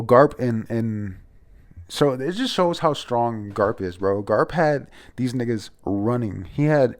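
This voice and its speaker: A man's voice: mid-range voice, darkish tone. A young man casually reviewing a comic chapter, rambling and profane with lots of restarts. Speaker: manga reviewer.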